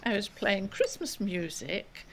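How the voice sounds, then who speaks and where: A woman's voice: medium pitch, lively intonation, slow pace, noisy background. An older woman, a guest author, telling stories in a chatty, giggly way in a casual interview.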